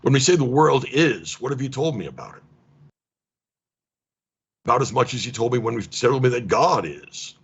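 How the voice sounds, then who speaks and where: A man teaching a casual online seminar, wry and animated, acting out dialogues with mock exasperation. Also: medium pitch, normal speed, gravelly, long pauses, slightly rough. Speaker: lecturer. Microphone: video call. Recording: lo-fi online call audio.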